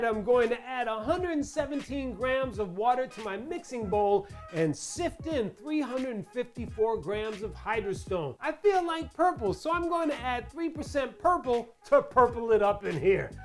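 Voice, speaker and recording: Playful chatty crafting host. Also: medium pitch. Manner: playful, talks to viewers with asides and rhetorical questions. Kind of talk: chatty tutorial voice-over.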